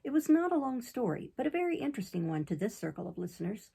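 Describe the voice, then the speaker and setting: A woman narrating a classic novel as an audiobook in steady storytelling delivery. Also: a little high, fast talker, gravelly, husky, poor audio.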